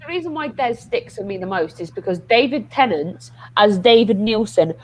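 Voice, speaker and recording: A woman's voice: mid-range voice, expressive, moderate pace, a little mellow, slight background noise, rough recording. A woman in casual chat on a video call, talking with many fillers. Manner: filler-heavy, says like a lot.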